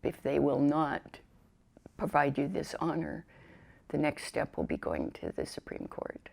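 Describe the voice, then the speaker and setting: Older woman veteran, deep gravelly mellow voice, reflective oral-history storyteller. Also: sing-song, measured pace. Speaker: veteran telling her story.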